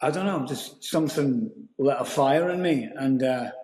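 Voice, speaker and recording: A Scottish man, an actor, telling a story in a casual interview, lively and full of restarts. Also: mid-range voice, moderate pace. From Scotland. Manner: animated storyteller, many restarts. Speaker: actor guest. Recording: roomy echo.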